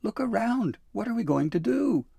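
A man voicing a small, prim and fretful female elf with shrill, scolding cries. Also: big pitch swings, normal speed, vocal fry, mellow, slightly rough, no echo, full character voice. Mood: snappish.

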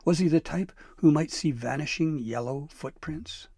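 A man narrating a children's storybook, shifting his reading to match the scene. His voice is gravelly and somewhat husky, recorded close in a dry space. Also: a little high, moderate pace, mellow, no room sound.

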